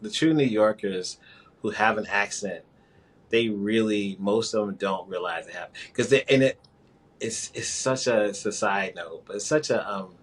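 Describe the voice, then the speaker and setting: A man from New York talking in a casual, rambling conversation, with halting restarts and quick laughs. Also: fairly low pitch. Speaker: guest.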